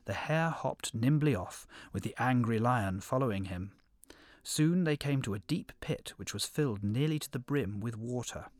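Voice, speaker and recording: A man narrating an animal fable in an expressive storybook reading. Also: mid-range voice, moderate pace, dry recording.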